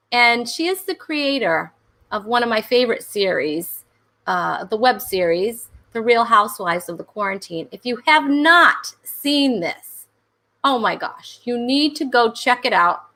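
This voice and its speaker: A woman's voice: a little high, a little slow, sharp tone. A woman hosting a comedy talk show over a video call, chatting in a rambling way full of fillers and laughs. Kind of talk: casual livestream chat.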